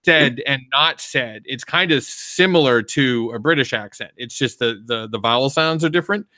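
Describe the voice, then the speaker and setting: A man talks in a relaxed podcast chat, explaining his points at length. His voice is bright and forward, and the sound is dry and close. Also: medium pitch, normal speed, no room sound. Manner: chatty, explains things at length. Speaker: podcast host. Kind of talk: casual live podcast discussion.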